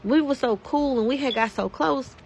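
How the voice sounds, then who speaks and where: A woman's voice: high-pitched, normal speed, vocal fry, a little mellow, a little hiss or hum. A woman, delivering an angry, profane rant to her followers. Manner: heated, profane, emphatic. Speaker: social media commentator. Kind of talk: angry ranting monologue.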